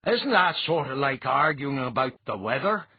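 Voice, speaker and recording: A man voicing a blunt, hearty clan chief with a husky voice. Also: medium pitch, animated, moderate pace, voice pushed up. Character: gruff blunt clan chief, reformed drinker. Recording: dull lo-fi audiobook recording.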